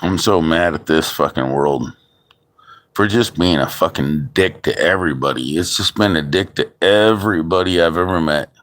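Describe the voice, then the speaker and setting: A man's voice: low-pitched, moderate pace, a bit bright. A man who is a father, ranting angrily in a heavily profane monologue, often restarting his sentences. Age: adult father. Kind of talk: angry venting monologue.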